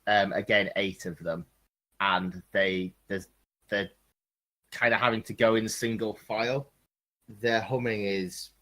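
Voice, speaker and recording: A man's voice: low voice, a bit bright. A man narrating as game master of a tabletop game, hesitant with many ums and restarts.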